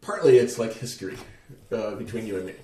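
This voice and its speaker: A man hosting a casual chat, relaxed and chuckling as he rambles through stories. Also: lowish voice, fast talker, recorded from a distance. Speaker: podcast host. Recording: roomy echo.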